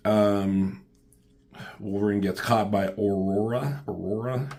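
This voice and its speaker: A low, gravelly man talks through a comic story in a loose, rambling way. He swears freely, fills gaps with ums and tosses in side questions as he goes. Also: fairly even intonation, slow pace, mellow. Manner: rambling, profane, many ums and asides. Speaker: comic book reviewer. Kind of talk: casual comic recap.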